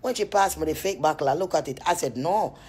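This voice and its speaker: Husky woman chatting on a phone live. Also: sits low, a little fast. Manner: chatty, laughs often, animated storytelling. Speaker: cream seller on a live stream. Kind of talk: rambling casual live-stream chat. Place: at home, just out of bed. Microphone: phone on a live stream.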